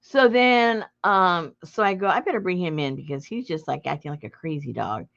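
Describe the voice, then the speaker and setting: A middle-aged woman with a low, gravelly voice tells a story to her viewers in a casual way. Her pitch swings widely as she acts out the scenes, with bursts of laughter and shouting. The recording is dull and lo-fi. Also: normal speed. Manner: animated, breaks into laughter and loud acted outbursts. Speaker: junk journal crafter and channel host.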